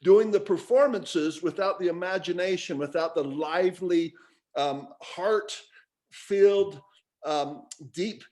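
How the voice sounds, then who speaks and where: Animated man with a higher voice. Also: takes it slowly. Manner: animated, laughs readily. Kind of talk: casual spiritual discussion.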